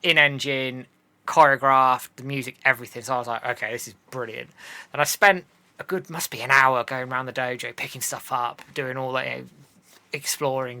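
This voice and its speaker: A man's voice: mid-range voice, pushed and bright, no room sound. A man, a podcast guest, telling a story in a casual chat and acting out his own past reactions.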